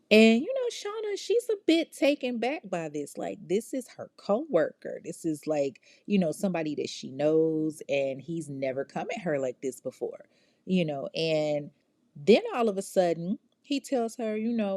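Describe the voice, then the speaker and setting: A woman hosts a true crime podcast, telling the story in loose, profane slang and talking straight to her listeners. Her voice sits low and mellow. The sound is dry and close. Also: animated, normal speed, no room sound. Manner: casual, slangy, profane, talks to listeners directly. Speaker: podcast host.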